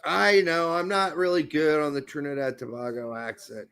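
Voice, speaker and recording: A man co-hosting a live soccer watch-along stream, talking casually with lots of swearing and bursts of shouting. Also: on the high side, moderate pace, smooth. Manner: excitable, profane, bursts into shouting over goals.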